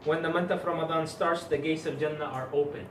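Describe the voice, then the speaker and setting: A man's voice: a little high, fairly even intonation, a little fast, a bit bright, recorded from a distance, slight background noise. A man teaching a religious lesson to a class of students, emphatic and quizzing them with questions as he goes. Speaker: Islamic teacher. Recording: echoey room recorded from afar.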